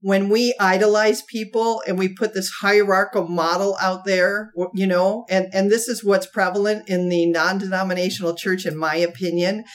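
Animated woman telling a church story. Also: medium pitch, normal speed, few pauses. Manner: animated, laughs often, breaks into acted quotes. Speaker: podcast co-host. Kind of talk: casual storytelling.

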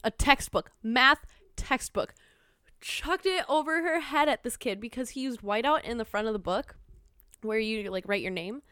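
Young woman, podcast guest, smooth voice a little on the high side, rambling storyteller. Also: moderate pace, no echo, studio quality. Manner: rambling, animated storyteller, jumps into tangents. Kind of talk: casual chat.

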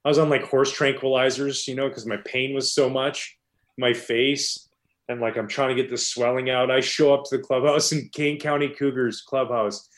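At an ordinary pace, this ex-professional pitcher spins yarns in a relaxed interview setting. He's energetic and rambling, with lots of false starts.

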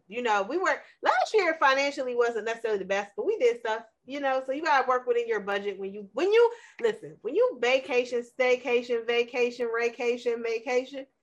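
A woman co-hosting a casual podcast chat, telling animated stories with frequent laughs and playful wordplay. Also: on the high side, a little fast, highs cut off. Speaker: podcast co-host.

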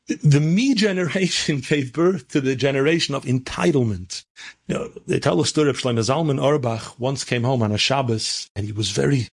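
A man's voice: mid-range voice, normal speed, vocal fry, breathy edge. A man, a rabbi, tells stories in a sermon and builds them into fervent, emphatic exhortation, peppered with Hebrew and Yiddish terms. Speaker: rabbi and speaker. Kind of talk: storytelling sermon.

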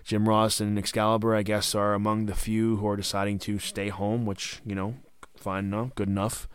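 A man co-hosting a casual wrestling podcast from home, animated and laughing often as he retells moments. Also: fairly low pitch, moderate pace, clear, resonant tone. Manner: animated, laughs often, acts out quotes loudly. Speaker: podcast co-host. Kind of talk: casual chat. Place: home during quarantine.

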